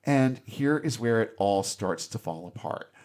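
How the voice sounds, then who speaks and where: A man's voice: lowish voice, animated, unhurried, a little mellow. Wry, sarcastic male podcast co-host. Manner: wry, sarcastic retelling with mock asides. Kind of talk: casual film review chat.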